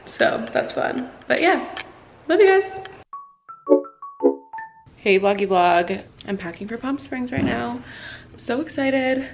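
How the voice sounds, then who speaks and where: A woman's voice: fairly high pitch, animated, takes it slowly, creaky, long pauses, over loud music. A woman vlogger talking casually and bubbly to her camera. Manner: bubbly, chatty. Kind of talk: casual vlog chat to camera. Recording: noisy background.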